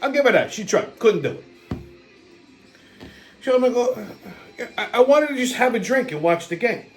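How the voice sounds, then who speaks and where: A fed-up man with a noticeably high voice rants straight to his audience, cursing freely. He trips over himself with stammered restarts as his aggravation builds, sounding worn out by the people around him. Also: very animated, soft background music. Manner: exasperated, sweary, rapid restarts and stammers. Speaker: channel host. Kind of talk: profane ranting monologue.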